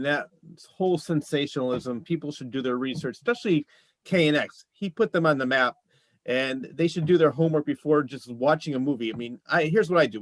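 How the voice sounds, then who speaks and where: A man's voice: on the high side, no echo, low-quality recording. A man hosting a podcast, talking casually and earnestly with his guests. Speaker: podcast host. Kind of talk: casual interview chat.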